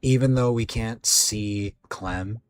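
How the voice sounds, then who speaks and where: A man's voice: fairly low pitch, slow pace. A man streaming late at night, chatting casually with viewers, sleepy and rambling, losing his words.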